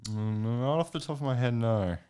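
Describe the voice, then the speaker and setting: A man, a podcast co-host giving short, low-key replies in casual chat. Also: normal speed, mellow, smooth.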